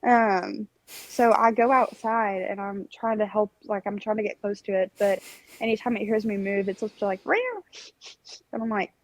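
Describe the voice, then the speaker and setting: A young woman co-hosting a podcast rambles through a story in casual chat, animated and laughing as she goes, while recovering from strep throat. Her medium-pitched voice moves at normal speed, and the recording is low quality.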